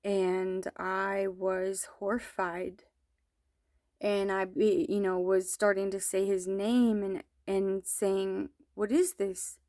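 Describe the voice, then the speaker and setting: Slow, earnest woman telling a dream. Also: mid-range voice, monotone, darkish tone, dry recording, clean studio sound. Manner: slow, earnest, hesitant storytelling. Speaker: mother recounting a dream. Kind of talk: personal testimony.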